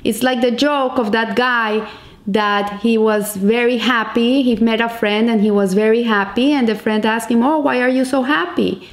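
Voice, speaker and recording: A woman with a somewhat high voice gives a spoken lesson, explaining her points step by step. She talks in a storytelling way and often restarts her phrases mid-sentence. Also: fairly even intonation, moderate pace, echoey room. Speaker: Jewish teacher. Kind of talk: spoken teaching on the Hebrew calendar.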